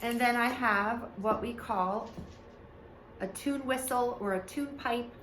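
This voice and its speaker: Female preschool music teacher, high and bright, unhurried, sing-song, echoey home room. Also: noisy background. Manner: sing-song teacher talk to small children. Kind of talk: online preschool music lesson. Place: home, seated in front of a camera.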